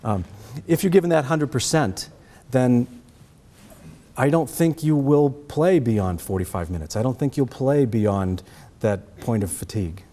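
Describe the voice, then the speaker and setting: A man's voice: mid-range voice, unhurried, dark tone, a little hiss or hum. A middle-aged man with a Boston accent giving a trumpet master class, answering students' questions and checking in with "okay?".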